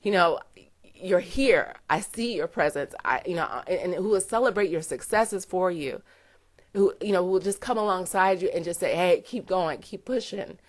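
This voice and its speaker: A woman's voice: lowish voice, normal speed. A woman giving an earnest, emotional testimonial to camera, close to tears, with many "you know" fillers. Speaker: network marketer giving a testimonial.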